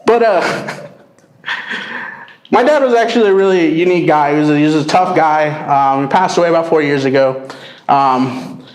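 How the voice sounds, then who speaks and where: A man performing a stand-up comedy set, animated, landing dry punchlines and slipping into quick quoted voices. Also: on the high side. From Mexican-American family. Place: comedy club stage with a live audience. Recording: roomy club sound with crowd laughter.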